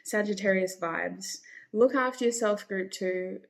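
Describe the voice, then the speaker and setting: A woman talks straight to her viewers as she reads their tarot cards, reassuring and encouraging them. Her voice sits at a middle pitch for a woman, and she sometimes calls her listeners honey. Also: unhurried, gravelly. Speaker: tarot reader. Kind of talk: encouraging tarot reading to camera.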